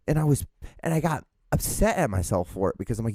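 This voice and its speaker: A man's voice: medium pitch, animated, a little fast, a little mellow, dry recording, clean studio sound. A man hosting a solo podcast, rambling casually and mocking himself, swearing freely and acting out both sides of his conversations. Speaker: podcast host.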